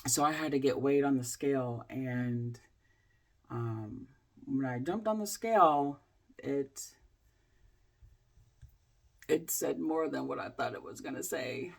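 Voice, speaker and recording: A woman in her forties, a health coach, telling a candid personal story to camera in a halting way, with many fillers and restarts. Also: rumbling low, creaky. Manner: candid, speaks in plain everyday terms.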